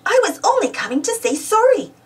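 A woman's voice: very high voice, very animated, fairly quick, far from the mic, pitched above the performer's own voice. A woman voicing a grumpy, bossy female giant in a storybook, blunt and scoffing. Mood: apologetic.

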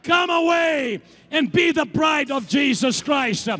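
A preacher with a strikingly high voice shouts his sermon across a big church hall, and the sound rings with long reverb. He speaks slowly and fervently, and his pitch swings widely as he rises to shouts and drops low again. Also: lively intonation. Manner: fervent, shouting calls to rise up. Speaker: apostle preaching.

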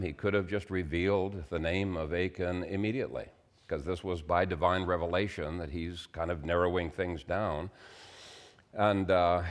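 Deep-voiced man preaching a measured sermon. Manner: measured, earnest preaching with frequent "uh" pauses. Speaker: pastor.

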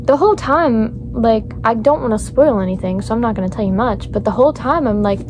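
A young woman chatting casually to camera in a vlog, bubbly and excitable, full of "like" fillers. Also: a little high, fairly quick, music in the background. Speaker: vlogger.

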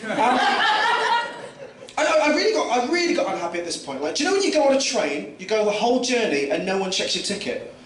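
A man's voice: high-pitched, big pitch swings, fast. A young man from Kent with a southern English accent, doing a rambling, self-mocking stand-up set full of fillers and restarts. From England, Kent. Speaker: stand-up comedian. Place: comedy club stage. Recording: roomy, distant mic, noisy room.

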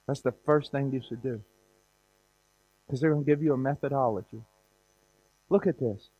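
A man's voice: mid-range voice, normal speed, lo-fi sound. A man preaching a sermon, telling a story with fervent, intense delivery.

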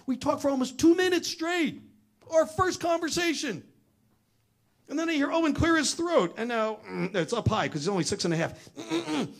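A middle-aged man telling a family story as a talk, animated and acting out the voices of the people in it. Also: extremely high pitch, moderate pace.

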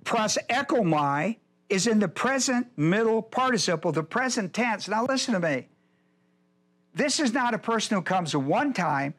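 Male pastor, higher-pitched voice, emphatic Bible-class teacher who repeats his points. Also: lively intonation, measured pace, fairly bright tone.

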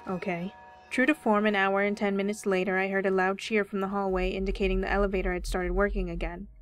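A woman reading a first-person horror story aloud with steady, measured storytelling. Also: medium pitch. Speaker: story reader. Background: faint background music.

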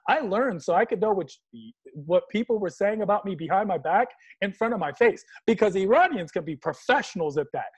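A man's voice: sits high, a little fast, husky, dull audio. A man from Washington, D.C., speaking as a panelist on a video call, telling stories with humor and slipping into mock voices. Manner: animated storyteller, slips into mock voices. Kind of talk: casual panel talk with humor.

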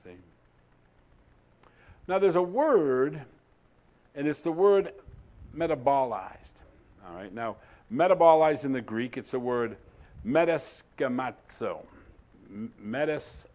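Man preaching with loud-then-hushed swings. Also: medium pitch, expressive, slow, pauses often. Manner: storytelling, swinging between loud emphatic lines and soft, hushed ones. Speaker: pastor. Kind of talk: sermon.

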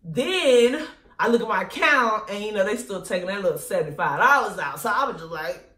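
A woman vlogger telling a casual storytime in an animated, slangy way, laughing often. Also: medium pitch, fairly quick. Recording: echoey room.

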